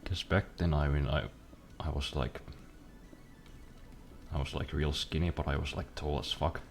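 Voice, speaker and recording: A man's voice: a bass voice, steady tone, unhurried, gravelly, soft background music. A young man streaming a game, chatting casually in a rambling, profane, self-deprecating way at his computer desk. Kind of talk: casual chat while gaming.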